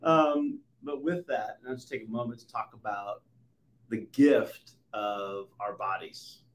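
A man in his forties hosting a podcast, telling stories with animated swings between loud and soft. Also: medium pitch, measured pace. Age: 40s. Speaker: podcast host. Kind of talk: conversational interview. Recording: roomy echo.

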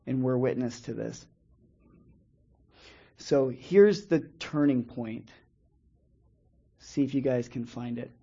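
A man preaching a Bible lesson in a measured way, reading scripture slowly and pausing often. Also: mid-range voice, dark tone, breathy edge, dull audio. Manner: measured, reads scripture slowly with pauses and restarts. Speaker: preacher teaching a Bible study. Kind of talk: sermon-style Bible teaching.

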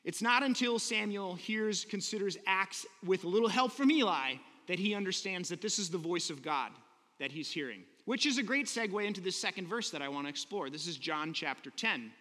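A man's voice: high voice, expressive, brisk, bright, forceful tone, in a large hall. A man preaching a sermon in a conversational, earnest way, often asking the listeners rhetorical questions. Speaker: pastor.

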